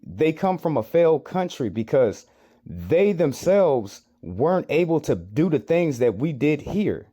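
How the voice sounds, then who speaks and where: A man's voice: medium pitch, dark tone. An American man giving reaction commentary on clips, arguing with rhetorical questions and repeated phrases.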